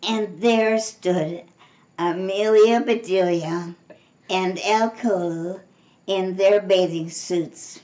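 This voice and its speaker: An older woman reads a children's storybook aloud at a gentle, unhurried pace. Her pitch sits in a middling range, and she reads expressively, giving the characters' dialogue its own voices. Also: fairly even intonation, muffled recording. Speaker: storybook reader. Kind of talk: reading a children's picture book aloud.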